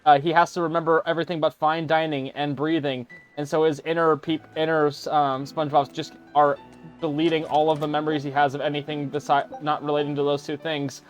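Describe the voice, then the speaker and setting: A man's voice: fairly high pitch, flat delivery, a little fast. Joking man rambling through a co-op game. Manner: rambling, jokey, does silly voices. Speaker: game streamer. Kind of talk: casual co-op gaming chat. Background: game music.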